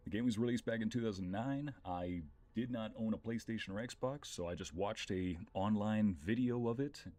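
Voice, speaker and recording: A man's voice: on the low side, moderate pace, dark tone. A young adult man casually commenting on a game he is playing, chatting with viewers and thinking aloud. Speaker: streamer. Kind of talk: casual let's-play commentary.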